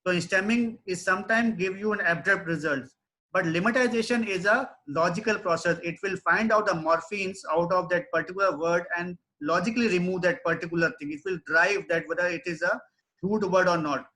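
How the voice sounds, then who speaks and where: Man, webinar lecturer, high voice, bright tone, explains step by step. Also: fairly quick. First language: not English. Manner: explanatory, frequent tag questions. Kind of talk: online technical lecture.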